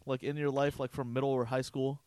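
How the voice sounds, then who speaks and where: A man's voice: mid-range voice, little pitch movement, brisk, darkish tone, smooth, dry recording. A young man co-hosting a casual chat, telling a story in a loose, profane way. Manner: loose and profane, acts out quotes. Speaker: podcast co-host.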